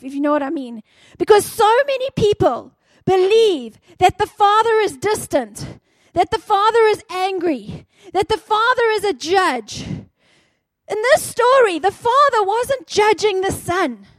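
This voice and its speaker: A woman's voice: extremely high pitch, no room sound. A woman preaching a sermon, telling a parable dramatically and acting out the characters' cries.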